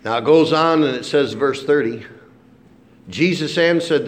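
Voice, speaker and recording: A man preaching a sermon with impassioned delivery, swinging between hushed and loud. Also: on the high side, a little slow. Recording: echoey room, faint hum.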